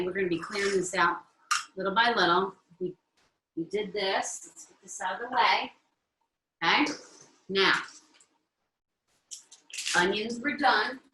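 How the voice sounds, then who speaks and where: A woman's voice: mid-range voice, sharp tone, echoey room, a little hiss or hum, poor audio. A middle-aged woman with an Italian-American accent, hosting a live home cooking demonstration and chatting with viewers as she works. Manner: chatty, checks in with viewers often. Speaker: cooking show host. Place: home kitchen.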